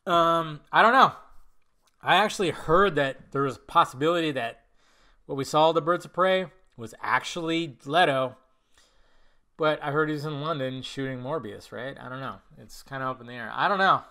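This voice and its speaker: Male podcast host, slightly higher voice, rambling and blunt, casual swearing, mutters as he trails off. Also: moderate pace, pushed and bright. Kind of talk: casual solo podcast answering viewer questions.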